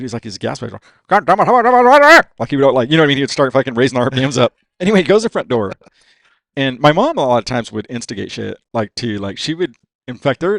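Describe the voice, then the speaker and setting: A man in his fifties, a racer from California, telling stories on a podcast in a profane, animated way and saying "dude" all the time. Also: mid-range voice, creaky, no echo, studio quality. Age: 50s. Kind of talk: casual storytelling.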